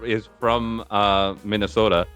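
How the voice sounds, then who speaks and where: A man with a New York accent chatting casually on a podcast, animated and quick to try out accents. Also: on the low side, soft background music. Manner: animated, jumps into accent impressions.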